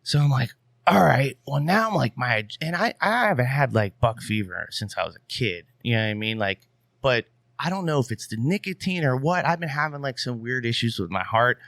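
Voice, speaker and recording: Animated man telling a rambling hunting story. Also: medium pitch, fairly quick, vocal fry, no room sound, studio quality. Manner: rambling, animated, many fillers. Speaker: podcast guest. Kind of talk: casual storytelling.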